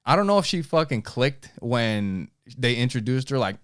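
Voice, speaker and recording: A young man with a New York accent, telling a profane, animated story in casual podcast chat and acting out the quotes. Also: mid-range voice, normal speed, smooth, no room sound, clean studio sound. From New York (Queens). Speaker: podcast host.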